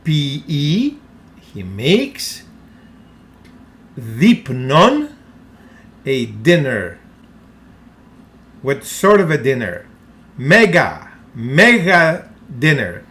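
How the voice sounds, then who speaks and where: Male teacher, very slow and deliberate, lively pitch, pronunciation drills. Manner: slow, carefully enunciated, repeats words for the listener to echo. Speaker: Greek teacher.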